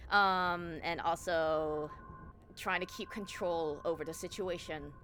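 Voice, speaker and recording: A young woman talks casually about voicing a character, looping back with fillers as she goes. Her voice sits on the low side for a woman, with a faint room hum behind. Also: steady tone, slow, a bit bright. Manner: chatty, rambling, full of fillers. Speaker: voice actor. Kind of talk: casual commentary on her own performance.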